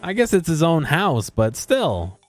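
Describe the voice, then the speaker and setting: A man's voice: medium pitch, big pitch swings, moderate pace, faint music behind. A man giving casual let's play commentary, swearing and joking about the game. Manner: casual and profane, laughing at the game. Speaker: gaming YouTuber.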